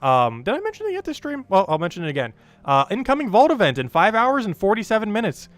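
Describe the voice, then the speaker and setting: A man's voice: sits high, wildly swooping pitch, fast. A young man with a New Jersey accent hosting a casual gaming livestream, rambling with lots of fillers and frequent laughs.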